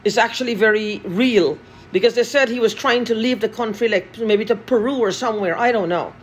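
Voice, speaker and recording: A woman's voice: on the high side, a little fast, a little hiss or hum. A woman from Guyana, talking in an angry, profane monologue and repeating herself.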